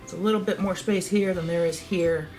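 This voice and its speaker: A man giving a calm, step-by-step craft tutorial for a library. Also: high voice, a little fast, soft background music.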